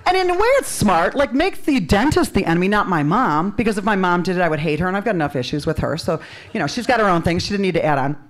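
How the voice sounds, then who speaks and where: Animated woman telling a comic story. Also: fairly low pitch, fast talker. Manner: animated, self-mocking, conversational.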